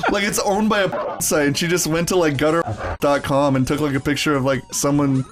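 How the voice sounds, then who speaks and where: A man's voice: fairly high pitch, steady tone, a little fast. A man co-hosting a gaming session, making crude rambling jokes packed with filler words. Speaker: let's-play co-host. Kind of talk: casual gaming banter.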